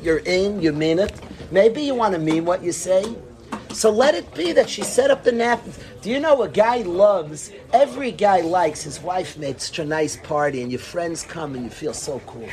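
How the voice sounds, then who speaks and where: A man teaching a lively, casual Torah class, enthusiastic and animated, sprinkling Yiddish and Hebrew words into his talk. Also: high voice.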